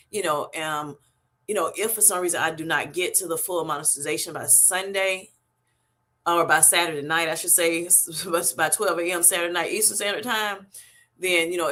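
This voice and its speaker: A woman's voice: low-pitched, bright, forceful tone. A middle-aged woman hosting a casual live stream, effusively thanking her viewers again and again. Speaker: livestream host.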